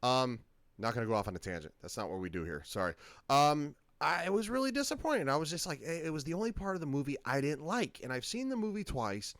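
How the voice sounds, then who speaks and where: A man's voice: fairly high pitch, sing-song, fast, fairly bright tone, dry recording. Rambling man hosting a reaction video. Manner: rambling, many fillers and restarts. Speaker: channel host. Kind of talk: casual reaction commentary.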